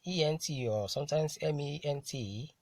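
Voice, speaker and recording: A man teaching English word stress, saying each word slowly and repeating it for the learner to copy. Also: on the high side, no echo. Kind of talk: slow drilled pronunciation lesson.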